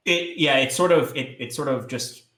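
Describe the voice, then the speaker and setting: A man narrating as game master of a tabletop game, describing scenes hesitantly with many filler pauses. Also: mid-range voice, fairly bright tone, reverberant.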